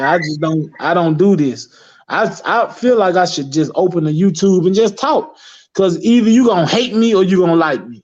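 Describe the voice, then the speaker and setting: High-voiced man rambling in casual chat. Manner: rambling, emphatic, swears freely. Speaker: guest. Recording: dull lo-fi recording.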